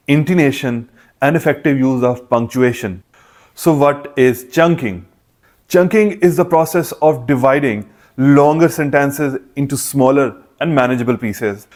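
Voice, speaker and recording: A man's voice: medium pitch, a little mellow. Methodical male test-prep instructor. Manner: methodical, enumerating points one by one. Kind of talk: scripted instructional explanation.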